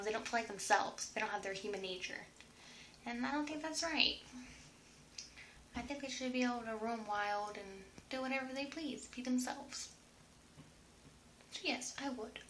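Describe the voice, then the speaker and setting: A woman's voice: medium pitch, fairly bright tone, slight background noise. A woman answering viewer questions in a casual, rambling vlog, sometimes dropping to a whisper. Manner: rambling, chatty, drifts into whispers at times. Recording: roomy echo.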